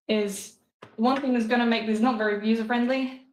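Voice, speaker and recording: A woman's voice: fairly high pitch, fairly even intonation, moderate pace. A woman live-streaming while cooking, chatting casually and giggling as she rambles to her viewers, picked up by a phone mic in an echoey home kitchen. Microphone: phone mic, moving around away from it. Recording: echoey room audio.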